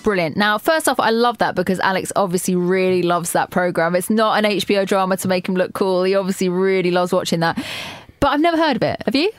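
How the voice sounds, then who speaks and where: A woman's voice: mid-range voice, fast, faint music behind. A woman co-hosting a radio show, chatty and bubbly, laughing easily as she links items. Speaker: radio co-host. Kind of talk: casual chat and show links.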